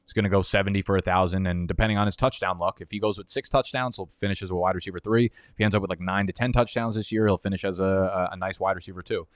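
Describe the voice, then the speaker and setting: Low-voiced man ranting over a fantasy draft. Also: fairly even intonation, fast talker, hardly any pauses, dry recording, clean studio sound. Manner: profane, heated, rambling. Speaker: fantasy football host. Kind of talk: live-stream draft commentary.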